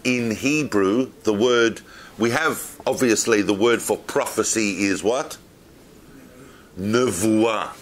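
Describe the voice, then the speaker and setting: A man's voice: lowish voice, takes it slowly, a little hiss or hum. A man giving an informal lecture to a class, asking questions of the room and answering them himself. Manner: animated, asks the room questions.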